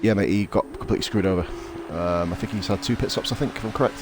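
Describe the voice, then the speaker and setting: A man rattles off quick, excitable race commentary over a sim racing game, his voice low-pitched and chatty. Engine roar and game noise run loud under him throughout. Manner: chatty, excitable, swears, calls co-host mate. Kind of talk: live casual race commentary.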